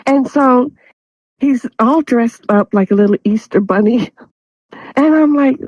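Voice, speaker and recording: A woman's voice: a little high, unhurried, darkish tone, no echo, low-quality recording. A woman hosting a show, telling a funny story in casual chat and laughing through her words. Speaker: show host. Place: studio.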